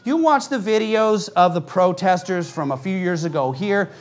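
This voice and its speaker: A male pastor delivering a fiery conference sermon to a live audience, telling stories fast and acting out the people he quotes. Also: sits high, lively intonation. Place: church conference hall with audience.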